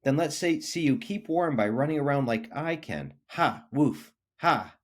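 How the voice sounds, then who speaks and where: A man's voice: on the high side, animated, normal speed, darkish tone. A man voicing a boastful male dog in a storybook reading, taunting and bragging.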